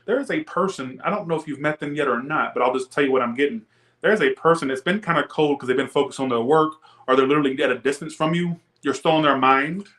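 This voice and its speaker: A young man reads tarot on a live stream, talking straight to his viewers. He rants in a loose, profane way and laughs along with the chat. His voice sits a little higher than most men's. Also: fast talker, slight background noise. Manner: ranting, profane, animated; chats with viewers, laughs often. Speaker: tarot reader.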